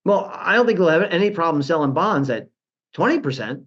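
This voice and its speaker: A man speaking as a guest in a financial interview, animated and full of restarts, mocking other people in quotes. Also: fairly high pitch, a little fast, highs cut off. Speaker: guest, portfolio manager.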